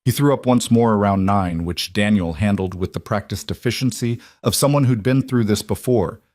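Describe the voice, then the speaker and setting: A man narrating a scripted drama story in an even, measured way. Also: on the low side, dry recording, clean studio sound.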